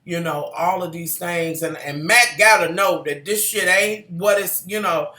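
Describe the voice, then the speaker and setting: Sassy, profane vlogger with a bright voice. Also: medium pitch, unhurried, roomy sound. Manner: sassy, profane, talks to viewers as y'all and honey. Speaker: vlogger recapping a TV drama. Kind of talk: casual show recap.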